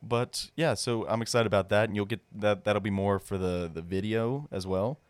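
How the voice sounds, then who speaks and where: A young man co-hosting a casual podcast, rambling and relaxed. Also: on the low side, normal speed, clear, resonant tone, no room sound. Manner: rambling, relaxed, laughs often. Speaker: podcast co-host.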